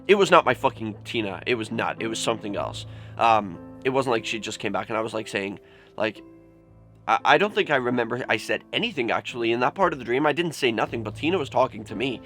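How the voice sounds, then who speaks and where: A man's voice: medium pitch, lively intonation, fast talker, a bit bright, soft background music. A young man vlogging, telling a personal story candidly and emotionally, swearing often and saying "like" a lot. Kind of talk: confessional vlog storytelling.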